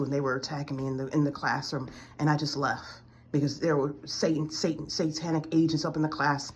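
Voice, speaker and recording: A woman's voice: sits low, husky. A woman in her forties giving a pleading, tearful spiritual testimony to camera, close to tears and repeating her complaints. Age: 40s. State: near tears.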